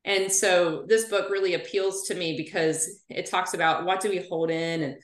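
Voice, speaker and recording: A woman's voice: lowish voice, moderate pace. Chatty woman physical therapist, roomy sound. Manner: chatty storyteller, animated asides. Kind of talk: casual podcast interview. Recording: roomy echo.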